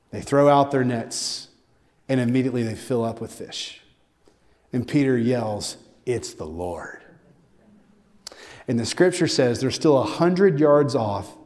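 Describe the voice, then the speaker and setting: A man preaching a sermon as a pastor, building intensity with emphatic, drawn-out phrases. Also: mid-range voice, darkish tone. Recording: long hall reverb.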